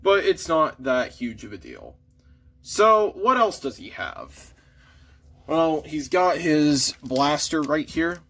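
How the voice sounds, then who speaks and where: A man's voice: a little high, big pitch swings, slow pace, a bit bright. A man casually reviewing a toy figure in an easygoing, mild way, shrugging off small flaws. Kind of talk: casual chat.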